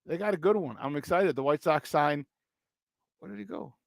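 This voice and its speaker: Guy hosting a sports talk show, high-ish voice, super animated, dry close mic. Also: normal speed, gravelly, no room sound. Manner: animated, swings loud and soft, laughs often. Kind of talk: casual sports talk, reading live chat.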